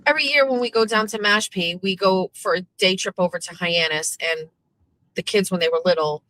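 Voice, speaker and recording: Bright, chatty New woman host. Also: mid-range voice, fairly quick, no echo, poor audio. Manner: chatty, swears casually, animated storytelling. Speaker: show host. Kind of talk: casual morning show chat.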